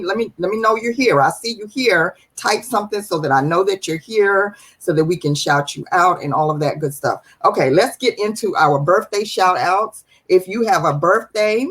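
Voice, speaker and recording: Woman livestream host, chatty and lively, greets viewers one by one. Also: mid-range voice, breathy edge. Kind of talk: live-stream chat show.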